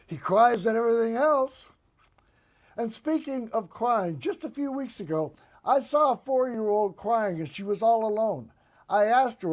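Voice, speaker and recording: Man delivering a deadpan comedy monologue. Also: sits high, unhurried. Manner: deadpan joke delivery with sarcastic asides. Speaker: host. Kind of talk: satirical political comedy monologue.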